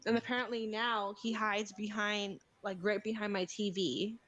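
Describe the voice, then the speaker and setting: A woman's voice: medium pitch, level tone, moderate pace, a bit bright, lo-fi sound. A woman chatting casually with a friend on a livestream. She tells a story about her daughter, full of fillers and restarts, and acts out the girl's lines. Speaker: vlogger and mother.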